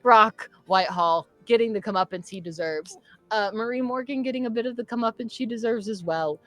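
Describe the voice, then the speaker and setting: A woman running a tabletop game as game master, narrating with animated swings in energy and frequent laughter. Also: fairly high pitch, a little fast, no room sound.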